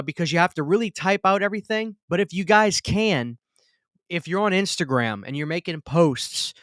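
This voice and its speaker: A man's voice: high voice, fairly bright tone, no room sound, clean studio sound. A man, hosting a casual live stream. He greets viewers by name and often restarts his sentences.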